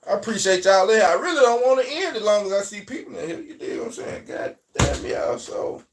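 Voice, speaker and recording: A man with a Southern US accent hosting a casual livestream, talking in a loose, rambling way that swings between loud and quiet. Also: sits high, lively intonation, a little fast, recorded from a distance, background noise. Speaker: livestream host.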